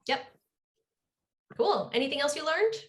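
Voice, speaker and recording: A woman's voice: sits high, animated, a little slow. A woman leading an online coding workshop over a video call, upbeat and encouraging. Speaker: workshop instructor.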